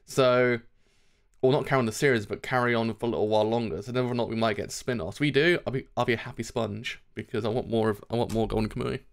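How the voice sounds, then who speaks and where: Young guy livestreaming a reaction, mid pitch voice, swears a lot, laughs loads. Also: fairly even intonation, fast talker, gravelly. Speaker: streamer reacting to a manga. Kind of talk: live-stream reaction chat.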